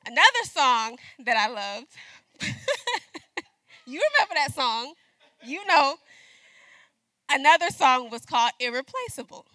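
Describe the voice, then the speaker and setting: A middle-aged woman preaches in a loose, talky way, turning often to the congregation for an answer. Her voice is bright and a little high. The sound is dry and close. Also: sing-song, normal speed, no room sound. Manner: conversational preaching, calls out to congregation. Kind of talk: sermon.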